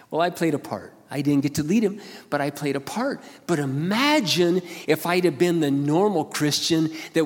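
A middle-aged man preaching a sermon as a pastor, telling stories and building to loud appeals. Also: fairly high pitch, lively intonation, normal speed, in a large hall. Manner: storytelling, swings to loud preaching.

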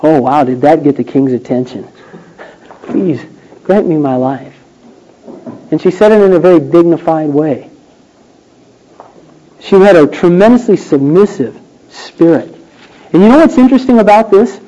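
A man preaching a sermon, emphatic and rhetorical, swinging between loud declarations and hushed questions. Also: on the high side, animated, moderate pace, muffled recording.

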